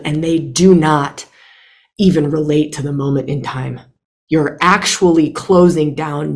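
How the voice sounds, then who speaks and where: Frank, gravelly-voiced woman teacher. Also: sits low. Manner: frank, profane and animated, acting out inner voices. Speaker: women's mystery school teacher. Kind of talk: candid teaching talk.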